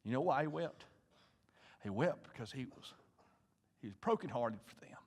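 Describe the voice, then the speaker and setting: A male pastor preaching a sermon to his congregation, dropping to hushed asides and rising to loud, intense appeals while asking the room questions. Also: mid-range voice, animated, moderate pace. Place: church sanctuary.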